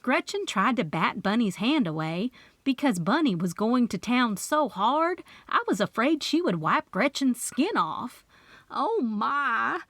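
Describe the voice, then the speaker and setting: Woman audiobook narrator, first person, animated, playful storytelling, dry studio sound. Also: medium pitch, dry recording. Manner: expressive storytelling with character voices.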